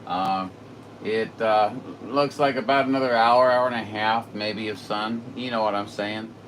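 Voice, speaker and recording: Low-voiced rambling man. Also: steady tone, unhurried, fairly bright tone. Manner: rambling, filler-heavy, folksy. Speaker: radio operator. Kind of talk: casual chat. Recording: distant mic with noisy room.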